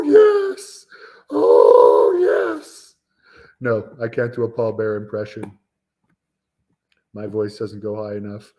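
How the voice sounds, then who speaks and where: A man in his forties hosting a wrestling talk stream, chatting casually with viewers in a rambling way, full of fillers and restarts. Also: mid-range voice. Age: 40s. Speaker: wrestling show host. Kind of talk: casual live-stream chat answering viewers.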